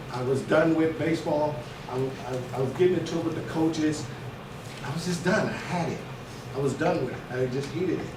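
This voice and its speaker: Speaking to students in a school hall or classroom, this middle-aged man from Oakland, California, works as a motivational speaker. His medium-pitched delivery is lively storytelling, full of acted-out dialogue and frequent laughter. The noisy recording picks him up from a distance in an echoey room.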